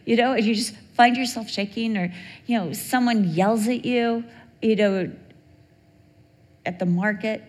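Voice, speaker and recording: A woman preaching a sermon, telling stories in an animated way and acting out the voices of the people in them. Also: a little high, normal speed. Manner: animated storytelling, acts out quoted voices. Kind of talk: sermon with storytelling. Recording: long hall reverb.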